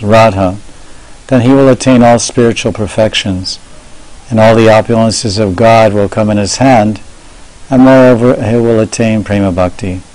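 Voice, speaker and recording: A monk giving a devotional sermon, telling stories in a measured way and slowing down to stress key words. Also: male voice, fairly low pitch, darkish tone, low-quality recording. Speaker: monk lecturer.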